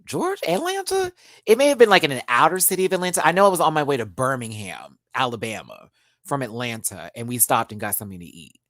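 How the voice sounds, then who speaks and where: A man hosting a live stream, telling a story in a casual, animated way straight to his viewers. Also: mid-range voice, fast, dry recording, clean studio sound. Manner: animated, chatty, addresses viewers as y'all.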